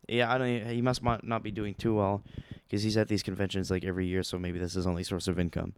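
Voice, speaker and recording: A man's voice: low-pitched, fast talker, few pauses, smooth. Young man telling a rambling story. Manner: rambling, excitable, many fillers and restarts. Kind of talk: casual storytelling vlog.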